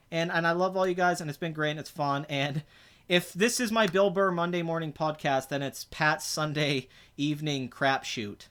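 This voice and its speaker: A young man hosting a casual podcast, rambling and animated as he talks to his viewers and teases his co-host. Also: sits high. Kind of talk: casual livestream podcast chat.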